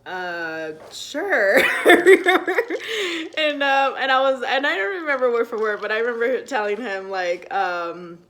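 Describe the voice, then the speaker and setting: A young woman telling a personal story to camera at home in a chatty, animated way full of fillers. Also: a little high, normal speed, hardly any pauses, slight background noise. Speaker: vlogger.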